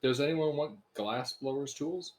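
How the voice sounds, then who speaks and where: A man playing a tabletop game online, talking casually with an animated, playful manner. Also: medium pitch, measured pace. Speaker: player. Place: home, online voice call.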